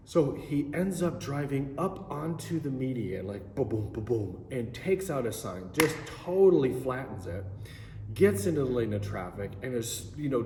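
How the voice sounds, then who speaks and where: A man preaching a sermon, telling a story in an animated, conversational way with many asides and quick questions to the listeners. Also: mid-range voice, slight background noise. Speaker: pastor. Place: large church hall. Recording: echoey hall with long reverb.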